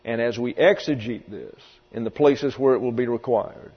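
Husky and mid-range, a man's voice moves at a normal speed through an emphatic, vivid expository sermon, the pastor occasionally acting out quoted voices. Mains hum runs beneath the dull, lo-fi recording made in a reverberant hall.

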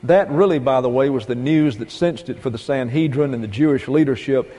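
Folksy preacher with a mellow voice in a reverberant hall. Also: male voice, mid-range voice, a little fast. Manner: folksy, emphatic preaching with rhetorical questions. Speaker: pastor. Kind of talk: sermon.

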